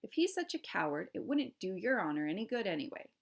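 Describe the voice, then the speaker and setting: A woman's voice: mid-range voice, big pitch swings, fast, voice pushed up. A woman voicing an earnest, kindly bossy young boy while reading a storybook aloud. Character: young boy, earnest and firm with tiny friends.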